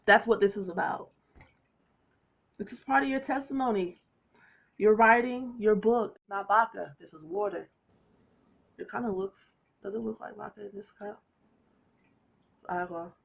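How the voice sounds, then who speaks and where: A woman's voice: medium pitch, measured pace, vocal fry, pauses often, husky. A woman giving a tarot reading to her viewers, talking in a chatty, playful way with preachy asides. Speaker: tarot reader. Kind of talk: casual tarot reading monologue.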